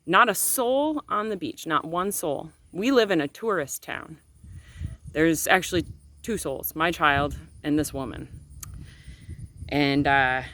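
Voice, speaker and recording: A woman's voice: low voice, fairly bright tone, dry recording. Earnest woman telling a personal story. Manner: earnest, emotional, conversational with fillers. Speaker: channel host.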